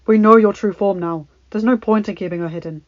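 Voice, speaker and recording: A woman voicing a young prince in a storybook reading, stern and trying to stay calm, with a dry, muffled sound. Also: medium pitch, fairly quick, no echo, lightly acted. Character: young prince, earnest and strained, commanding.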